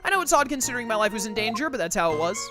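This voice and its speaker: A woman reads a scatterbrained young woman in a video game courtroom, stammering through her testimony. The voice sits high and swings widely. Game music plays underneath. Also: big pitch swings, rapid-fire. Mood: flustered. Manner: flustered, stammering.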